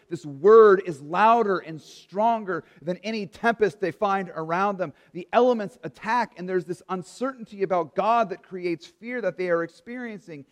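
A man's voice: a little high, in a large hall. A man preaching a sermon as pastor to an online congregation, earnest and full of rhetorical questions, with frequent small restarts. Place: church or studio for an online service.

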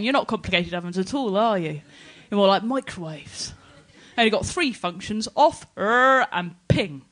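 A woman's voice: high voice, a bit bright. An English woman performing a bawdy stand-up set to a live audience, laughing often between punchlines. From England. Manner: brash, bawdy, quick punchlines with frequent laughs. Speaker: stand-up comedian. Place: live comedy stage with an audience.

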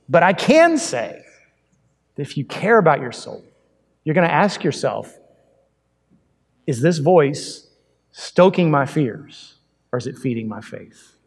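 Animated preacher in a reverberant hall. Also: male voice, a little high, slightly rough. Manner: conversational, animated preaching with rhetorical questions. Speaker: pastor. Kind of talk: sermon.

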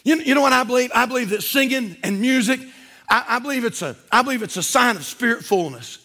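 A pastor preaching a fervent sermon to his church, moving from shouted calls down to low, quiet asides. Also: animated, fast. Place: church sanctuary.

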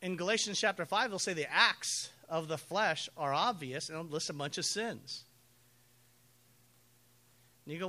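Man, pastor, sermon, high pitch, very bright forceful tone, animated storytelling. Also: normal speed, long pauses. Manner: animated storytelling, acts out quoted voices.

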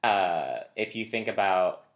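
A man's voice: deep voice, lively intonation, takes it slowly. A man co-hosting a casual podcast chat, talking in a rambling, digressive way. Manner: rambling, digressive, many fillers and restarts. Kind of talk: casual conversation.

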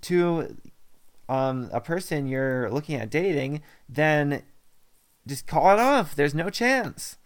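Young guy arguing his side flat-out, blunt, voice swings up and down a lot. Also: fairly high pitch, takes it slowly. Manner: blunt, matter-of-fact, joking. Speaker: podcast co-host. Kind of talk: casual debate chat.

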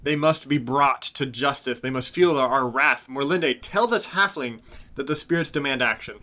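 A man voicing a proud, angry male elf elder of ancient lineage, loud and demanding. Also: medium pitch, steady tone, moderate pace, natural voice. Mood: furious.

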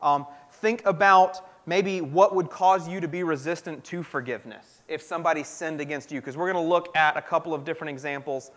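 A pastor with a notably high, slightly bright voice preaches a sermon briskly and with few pauses. He is earnest and conversational, often circling back to restart his sentences.

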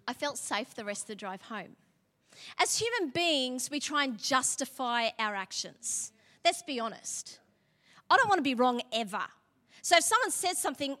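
A woman's voice: high-pitched, lively intonation, moderate pace, pushed and bright. A woman pastor giving a sermon, telling a personal story in a chatty way with laughing asides and building into emphatic preaching. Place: church hall. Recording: long hall reverb.

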